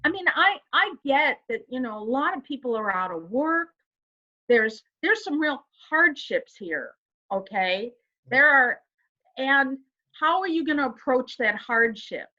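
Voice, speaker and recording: A woman's voice: high voice, sing-song, a little slow, sharp tone, lo-fi sound. A woman co-hosting a casual inspirational chat, earnest and emphatic, who asks rhetorical questions. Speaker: co-host.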